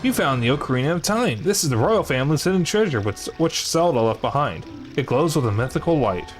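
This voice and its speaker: A man's voice: on the high side, expressive, brisk, faint music behind, lightly acted. A man voicing a young princess from a video game, reading her lines in an earnest way. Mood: solemn. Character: young princess, gentle and solemn.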